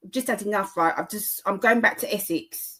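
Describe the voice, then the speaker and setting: A brash, chummy Cockney Londoner, put on by a woman. The voice jumps up high and loud, with quick bursts of street talk. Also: natural voice. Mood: fed up.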